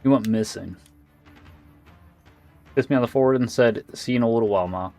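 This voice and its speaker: A man reading aloud the lines of a weary middle-aged woman who runs a diner, in a plain, flat manner. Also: medium pitch, brisk, faint music behind, lightly acted. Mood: somber.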